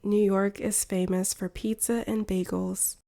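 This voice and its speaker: A woman from the United States, an English teacher reading a shadowing lesson in slow, carefully separated phrases. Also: mid-range voice, level tone, gravelly, dark tone. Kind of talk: slow shadowing practice narration.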